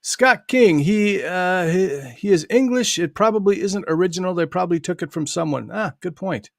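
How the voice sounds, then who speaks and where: A chatty American man hosting a casual livestream, his voice sitting a touch high for a man. He rambles warmly through fillers and quick laughs, heard dry and close over a video call. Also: very animated, vocal fry, no echo. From United States. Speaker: host of an online book launch.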